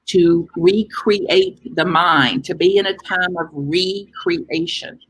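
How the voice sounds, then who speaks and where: A middle-aged woman minister giving a conversational sermon, moving between gentle reflection and lively emphasis. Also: lowish voice, breathy edge, low-quality recording. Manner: conversational, warm-hearted preaching with lively emphasis.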